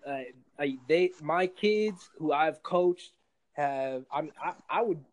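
A man who coaches youth sports, talking animatedly on a podcast and sometimes shouting out sideline calls. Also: a little high, takes it slowly, low-quality recording. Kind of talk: casual podcast chat.

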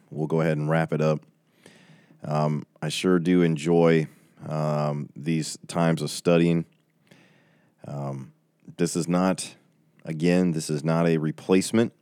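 A man's voice: rumbling low, dark tone, no echo, studio quality. A man in his forties wrapping up a livestream Bible study, chatty and tearing up as he reads out viewer comments. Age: 40s.

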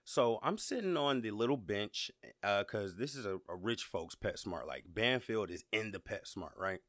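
Man, podcast host, casual storytelling, animated pitch, repeats words. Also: moderate pace, no echo, clean studio sound. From Georgia, USA. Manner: conversational, repeats words, addresses listeners directly.

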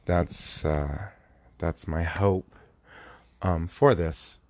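A man's voice: deep voice, fairly even intonation, extremely slow, darkish tone, no echo. A young man hosting his own podcast, talking earnestly and rambling as he thinks aloud, often restarting his sentences, awake early after a sleepless night. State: sleepless, recording early in the morning. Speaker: podcast host. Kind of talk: casual solo podcast monologue.

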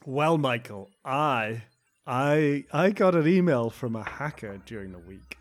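A man's voice: medium pitch, lively intonation, a little slow. A man co-hosting a podcast in casual chat, with dry, understated banter. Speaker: podcast co-host.

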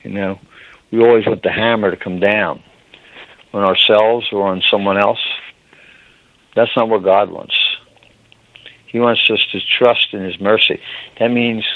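Slow, low-voiced male preacher. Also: fairly even intonation, dry recording. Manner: earnest, repeats "beloved" to listeners. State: choked up with emotion. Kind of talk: sermon. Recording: dry, phone-like narrow sound.

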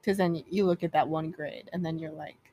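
A woman's voice: low voice, steady tone, warm tone, slight background noise. A young woman co-hosting a casual chat podcast, talking in a chatty way full of fillers. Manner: chatty, fast filler-heavy talk. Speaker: podcast co-host.

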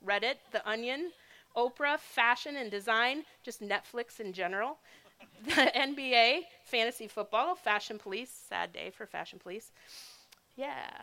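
Bright, casual woman giving a sermon. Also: on the high side. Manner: casual, conversational, relatable. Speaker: speaker.

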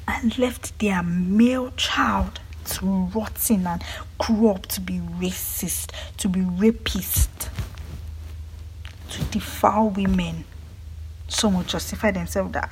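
A young Nigerian woman with a Nigerian accent, delivering an angry, emphatic monologue that often drops to a hushed near-whisper. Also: mid-range voice, slow pace, a little hiss or hum, low-quality recording. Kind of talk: impassioned monologue.

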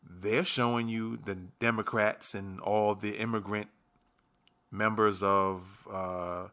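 A male podcast host delivers solo political commentary. His voice is bright and forceful but pitched somewhat low. He speaks loosely, with frequent ums and uhs as he works through his points. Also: level tone, slow pace. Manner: loose, filler-heavy delivery.

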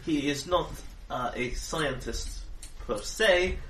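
A man voicing a fussy, polite male Academy scientist, speaking in halting, stiff, formal phrases. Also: a little high, a bit bright. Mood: flustered. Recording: echoey room, distant mic, faint noise.

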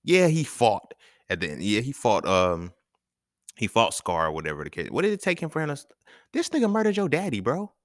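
A man's voice: medium pitch, huge pitch swings, fairly quick, no room sound, studio quality. A man hosting a podcast, talking in a casual, emphatic and profane monologue, chuckling between points. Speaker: podcast host.

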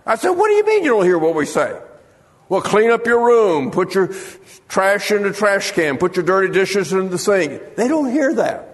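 High-voiced preacher in a reverberant hall. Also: male voice, very animated, moderate pace. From United States. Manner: storytelling with humor, acting out quoted voices. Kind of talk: sermon. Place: church sanctuary.

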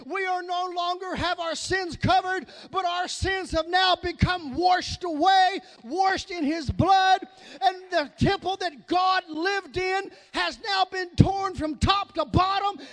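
A pastor with a Southern American accent, preaching a sermon with shouted, drawn-out emphasis. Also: male voice, very high voice.

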